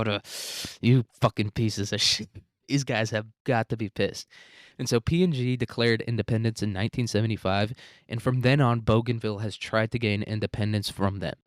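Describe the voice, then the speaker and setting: A man's voice: mid-range voice, steady tone, a little fast, dry recording, studio quality. A man hosting a casual history podcast, talking in an irreverent, profane way and acting out the people he quotes. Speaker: podcast host.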